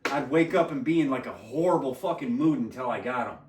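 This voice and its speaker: A man telling a crude story in casual talk, swearing a lot, laughing and shouting out the lines he quotes. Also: mid-range voice, lively intonation, fairly quick, slight background noise. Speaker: podcast guest telling a story. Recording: echoey room from far off the mic.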